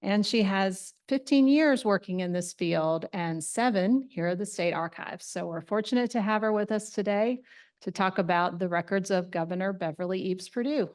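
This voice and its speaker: A woman hosting an event, introducing the guest speaker to the audience in a warm, gracious way. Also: mid-range voice, moderate pace.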